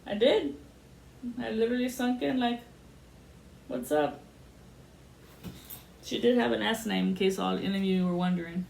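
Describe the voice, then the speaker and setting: A woman's voice: fairly high pitch, fairly even intonation, brisk, vocal fry, a little mellow. A woman telling a personal story in a blunt, casual way, acting out the voices of the people she quotes. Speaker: podcast host telling a story. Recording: faint background noise.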